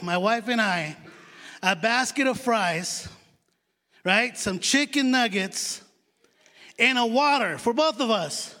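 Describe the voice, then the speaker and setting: A man's voice: very high voice, bright, forceful tone. A man preaching a chatty, storytelling sermon in a church, joking about himself. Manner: chatty, storytelling, self-mocking. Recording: long hall reverb.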